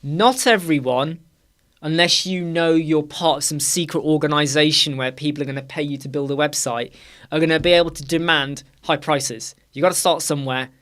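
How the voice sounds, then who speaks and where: Energetic man on a live stream. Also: a little high, moderate pace. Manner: energetic, emphatic, repeats phrases for effect. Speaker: host of a live web design Q&A stream. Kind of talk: casual live-stream chat.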